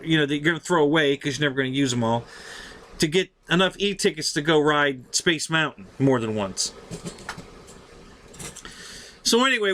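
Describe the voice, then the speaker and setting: A man in his fifties hosting a live stream, telling stories in a chatty, animated, profane way. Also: on the high side, a little hiss or hum. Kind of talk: casual storytelling on a live stream.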